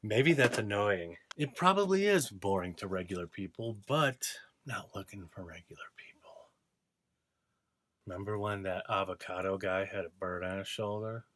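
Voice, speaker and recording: A man's voice: on the low side, lively intonation, moderate pace, few pauses, a bit bright, faint music behind. A man vlogging from his art studio, ranting casually in a sarcastic, profane, mocking way. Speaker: vlogger and artist.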